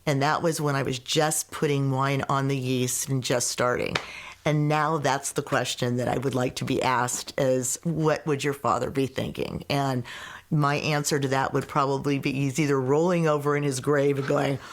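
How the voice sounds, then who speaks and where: A woman's voice: a bass voice, flat delivery, normal speed. A woman, a sparkling wine producer, giving a reflective and affectionate interview answer.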